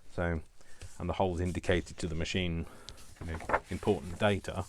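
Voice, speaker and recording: A man's voice: sits low, flat delivery, moderate pace, noisy background. A middle-aged man hosting a casual crafting tutorial, rambling and mocking himself with chuckles.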